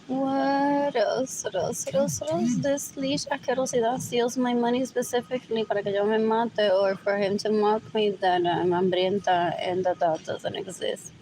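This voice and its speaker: Higher-voiced woman muttering on a livestream. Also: fairly even intonation, normal speed, hardly any pauses, noisy background. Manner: muttering, repeats herself over and over; switches between two languages mid-sentence. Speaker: livestream host. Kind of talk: rambling solo livestream talk.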